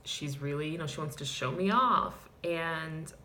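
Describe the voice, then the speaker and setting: A woman's voice: sits low, a little slow, sharp tone. A woman playing a melodramatic clown-identifying woman. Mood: wistful. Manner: sighing, ranting, dramatic outbursts. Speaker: comedic vlogger character. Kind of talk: deadpan comedic character vlog.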